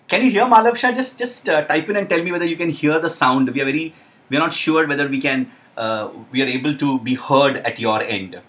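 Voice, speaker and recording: A young man with an Indian accent hosting a casual live Q&A, chatty and excitable, with lots of uh and um. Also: a little high, fairly quick. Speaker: live stream host.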